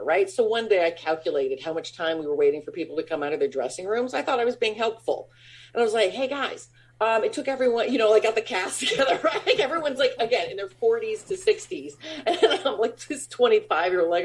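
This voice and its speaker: An actor and stand-up comic with a lowish voice tells stories during a casual interview. She's chatty and animated, uses lots of fillers, laughs often, and acts out what other people said.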